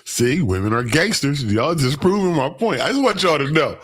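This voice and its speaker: A man's voice: a little high, expressive, normal speed, husky, no room sound. A man hosting a casual live stream, swearing freely, laughing often and reading viewer comments aloud. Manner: profane, laughs a lot, reads comments aloud. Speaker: livestream host.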